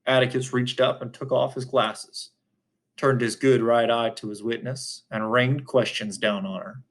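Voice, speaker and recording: A man narrating a novel aloud in a measured, even reading voice. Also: mid-range voice. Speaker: reader. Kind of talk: audiobook narration.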